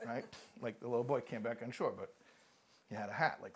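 This man's live talk is animated joke-telling in which he acts out characters, with frequent restarts and repeated words. His husky, mid-range voice moves fairly quickly.

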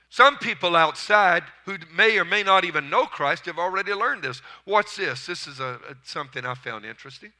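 A man's voice: high-pitched, lively intonation, brisk, few pauses, bright, forceful tone. A man preaching a sermon, emphatic and rising in force at his key points.

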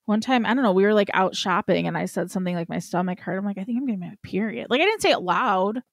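A woman's voice: mid-range voice, animated, creaky, no room sound, studio quality. A woman in her forties co-hosting a podcast in casual chat, blunt and joking. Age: 40s. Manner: blunt, joking, quick asides. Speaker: podcast co-host.

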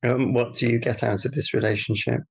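A man's voice: mid-range voice, little pitch movement, a little fast, vocal fry, slightly rough, dull audio. A man co-hosting a comedy podcast, bantering in a dry, teasing way. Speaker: podcast co-host.

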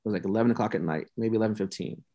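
A founder of a youth mentoring program shares his story as a podcast guest, his voice fairly low, warm, and rapid-fire. He speaks earnestly and from the heart, repeating himself for emphasis, and he's emotional, close to tears at times.

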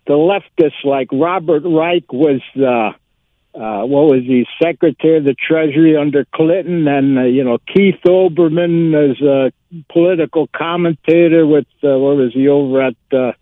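A man calling into a radio talk show, rambling and halting with many fillers. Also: on the high side, no echo. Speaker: caller. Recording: tinny phone line.

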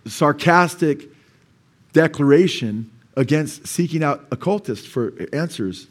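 A male pastor delivers a sermon in a church. He speaks in a conversational way, slipping into quoted asides and punctuating points with "amen." His voice sits at an ordinary middle pitch. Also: normal speed.

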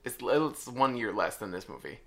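A man co-hosting a podcast, chatting casually with joking deadpan asides. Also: medium pitch, moderate pace, gravelly, a little hiss or hum. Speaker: podcast co-host. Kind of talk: casual chat.

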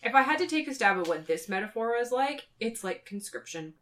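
A woman's voice: on the high side, brisk. A woman co-hosting a podcast, chatting casually and acting out characters' lines as she recaps. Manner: animated, acts out characters' lines. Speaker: podcast co-host. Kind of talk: casual chat recapping an episode.

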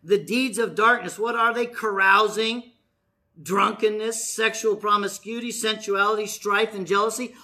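A man's voice: high voice, unhurried, bright, forceful tone. A man preaching a sermon as pastor in a church, earnest and direct, often putting rhetorical questions to the congregation.

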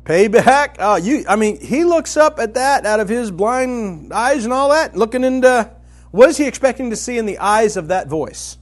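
A man teaching from the Bible in a conversational, colloquial style, telling the story vividly and swinging from loud to hushed. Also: very high voice, animated, moderate pace. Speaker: preacher.

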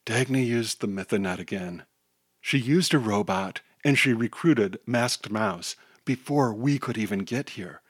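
A man's voice: on the low side, unhurried, husky, no echo. A man voicing a teenage boy superhero leader who talks in an urgent, exasperated way. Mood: weary.

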